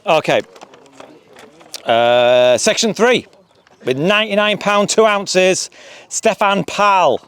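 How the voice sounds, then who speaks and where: A man announces prize winners at an outdoor event, joking and relaxed. He speaks slowly with a fairly high voice. Faint background noise is present. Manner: jokey, laughing, relaxed. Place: outdoors at a fishery.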